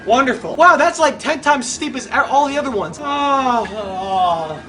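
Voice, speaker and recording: A man with a very high, sharp and bright voice talks through his own gameplay. He is excitable, yelping and shouting at every slip and near miss. A faint hiss of noise sits under his voice. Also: brisk, few pauses. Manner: excitable, yelps and shouts at failures. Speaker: gamer. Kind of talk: gameplay commentary.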